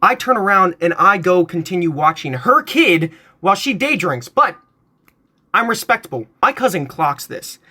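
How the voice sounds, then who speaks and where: A man's voice: sits high, big pitch swings, normal speed, sharp tone. A man in his twenties telling a funny family story to his phone camera in a playful, theatrical way, acting out the other people in it. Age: 20s.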